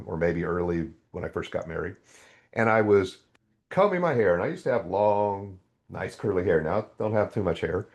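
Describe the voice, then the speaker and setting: A man in his sixties, a guest author animatedly telling a story in a podcast interview. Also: deep voice. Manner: animated storytelling with quoted dialogue.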